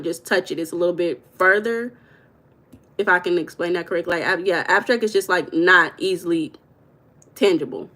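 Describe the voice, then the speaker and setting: A woman's voice: lowish voice, fairly bright tone. Chatty woman host with a Southern accent. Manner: chatty, direct, talks to viewers as "y'all". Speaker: livestream host reading chat. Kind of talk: casual livestream chat.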